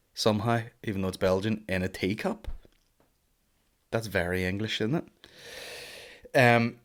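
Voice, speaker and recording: Guy doing a sweary comedy podcast ramble, lowish voice, keeps it loose and jokey. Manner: jumps into loud high mock voices for bits. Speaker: podcast host, stand-up comedian. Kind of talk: casual comedic monologue.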